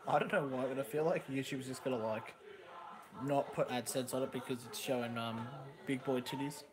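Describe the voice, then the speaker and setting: An Australian man talks into a headset microphone during a casual live stream. He rambles and cracks jokes, and his voice sits at an ordinary middle pitch. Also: fairly even intonation, a little fast, poor audio. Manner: rambling, jokey, laughs often.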